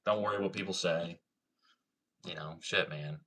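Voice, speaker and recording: He's a young guy from Ohio, USA, with a touch of country in his accent, casually going through livestream comments and cursing without restraint. The voice is deep and fairly bright, with fairly even intonation at a normal speed.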